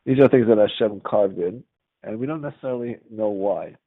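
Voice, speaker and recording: Speaking a little fast in a fairly low voice, a man conducts a religious class as a conversational lecture. "Right?" comes up again and again as he quizzes his students, over audio that sounds tinny, like a telephone.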